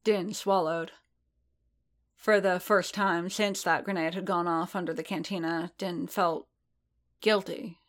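A woman reads a story aloud with even, unhurried narration. Her voice sits fairly low for a woman. She now and then restarts a phrase. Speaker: reader. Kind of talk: reading fan fiction aloud.

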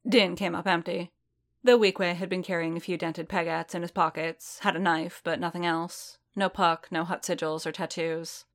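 A woman reading fan fiction aloud in a steady storytelling manner. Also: fairly low pitch, normal speed. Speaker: narrator.

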